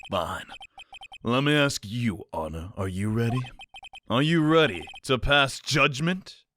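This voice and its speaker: A man puts on a cool, dismissive prosecutor with a deep, slow drawl. Each word comes out flat and unimpressed. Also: slight background noise.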